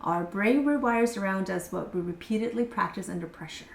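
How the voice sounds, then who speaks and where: A woman in her thirties speaks in a calm, measured voice, slowing down to let key points land. Her voice sits at an ordinary pitch for a woman. The room gives it a noticeable echo, and there is faint background noise. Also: gravelly. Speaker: parenting coach. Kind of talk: scripted masterclass talk.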